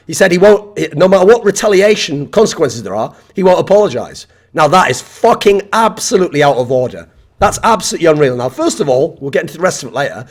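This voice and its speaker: Husky man ranting bluntly. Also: fairly high pitch, lively intonation, fast talker. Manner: blunt, profane and emphatic. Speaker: esports commentator. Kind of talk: opinion rant monologue.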